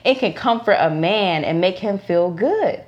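A woman's voice: lowish voice, unhurried, dull audio. Laughing, chatty woman co-host. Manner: laughs often, chatty and relaxed. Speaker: podcast co-host. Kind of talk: casual chat.

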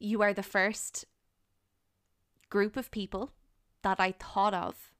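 A young woman hosting a solo podcast, talking in an earnest, encouraging way with frequent pauses. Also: mid-range voice, flat delivery, clean tone, no room sound, clean studio sound. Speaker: podcast host. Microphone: studio microphone.

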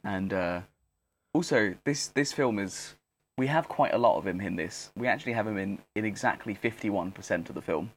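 A young man co-hosting a casual film podcast, talking in a halting, rambling way with lots of restarts. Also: fairly low pitch, breathy edge. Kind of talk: casual chat.

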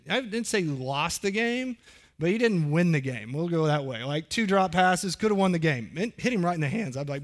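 A middle-aged man preaching a sermon as pastor, earnest and conversational, often putting questions to the congregation. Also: high voice.

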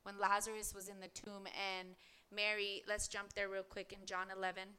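A woman's voice: mid-range voice, monotone, normal speed, pushed and bright, clean tone. A woman preaching a podcast sermon, reading scripture aloud and asking earnest rhetorical questions.

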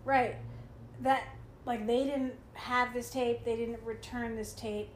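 A woman's voice: fairly high pitch, steady tone, slow. Chatty woman in a roomy room. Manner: chatty, lots of "like", argumentative. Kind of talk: casual movie commentary chat. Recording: roomy room with faint noise.

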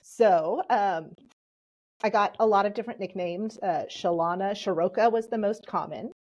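A woman from Texas tells her story as a podcast guest. Her voice sits in an ordinary middle pitch, and she keeps the anecdote moving with lively, animated delivery. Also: moderate pace, dull audio. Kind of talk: storytelling in conversation.

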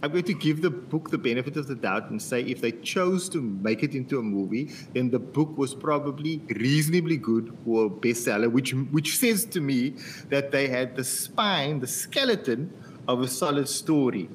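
A man's voice: mid-range voice, moderate pace, a little hiss or hum. A man co-hosting a casual movie podcast, retelling scenes with lots of laughter and fillers. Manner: chatty, laughs often, animated retelling. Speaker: podcast co-host. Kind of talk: casual movie review chat.

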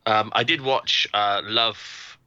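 Male, low and sharp-toned; dry close mic, casual podcast banter. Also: fairly even intonation, slow, clear, resonant tone, no echo, muffled recording. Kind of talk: casual chat.

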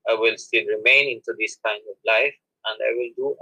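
A man's voice: on the low side, steady tone, brisk, sharp tone, poor audio. A man, a monk guest, telling a personal story in an interview with many restarts and self-corrections and frequent laughs. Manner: laughs often while telling.

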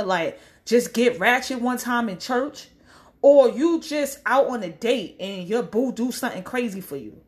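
A woman delivers a casual vlog rant full of blunt, profane advice. Her fairly high voice swings widely in pitch as she acts out quoted voices. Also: a little mellow. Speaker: social media commentator. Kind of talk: casual direct-to-camera rant.

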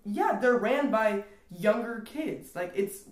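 A woman's voice: on the high side, expressive, slow pace. A woman co-hosting a casual podcast chat, talking animatedly, laughing often and acting out customers. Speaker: podcast co-host. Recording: echoey room.

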